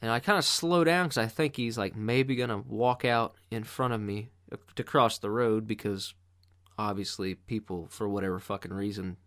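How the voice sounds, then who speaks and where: A man's voice: on the low side, moderate pace, a bit bright. A man hosting a podcast, delivering a casual, profanity-laden monologue full of exasperation. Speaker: podcast host.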